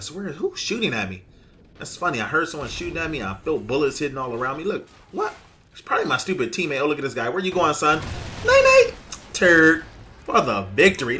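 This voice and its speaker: Bright-voiced upbeat male gaming commentator. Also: mid-range voice. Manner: chatty, upbeat, talks straight to viewers. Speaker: gaming channel host. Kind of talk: gameplay commentary with advice.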